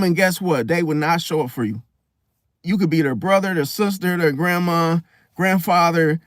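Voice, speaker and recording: A man's voice: sits high, fairly bright tone, dry recording, clean studio sound. A man ranting bluntly in a casual monologue as host, swearing and acting out quoted voices. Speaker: astrology channel host.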